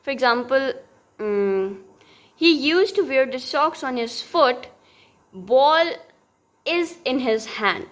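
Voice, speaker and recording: A woman's voice: high-pitched, expressive, slow pace, pauses often. A young woman giving a recorded linguistics lesson, explaining step by step with many fillers and restarts. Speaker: teacher.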